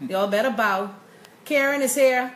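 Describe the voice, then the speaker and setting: A woman's voice: a little high, takes it slowly. A woman with a Bahamian accent hosting a live-stream, chatty and upbeat, greeting viewers by name as she reads their comments. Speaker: host of a live show. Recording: echoey room with faint noise.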